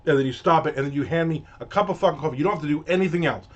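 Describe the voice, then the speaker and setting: A man's voice: on the high side, very fast. A man hosting a casual ranting monologue, telling a story in a profane, exasperated way. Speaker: host. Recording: dull lo-fi audio.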